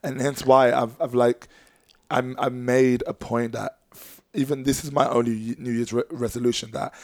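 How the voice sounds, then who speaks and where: A man's voice: mid-range voice, level tone, normal speed, vocal fry, a little mellow, no room sound. A man, a professional dancer and choreographer, talking earnestly in a casual podcast chat, full of fillers and restarts.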